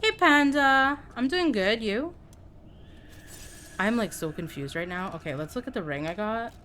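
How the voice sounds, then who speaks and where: A woman streaming a game live, chatting excitably with her viewers as she plays. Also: a little high, measured pace, a little hiss or hum. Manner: excitable, chatty, talks to chat. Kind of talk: live gameplay commentary.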